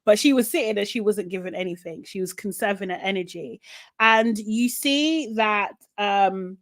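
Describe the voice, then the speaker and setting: A woman co-hosting a podcast, recapping a TV show in animated casual chat, quoting people and swearing. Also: medium pitch, normal speed, no room sound. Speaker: podcast co-host.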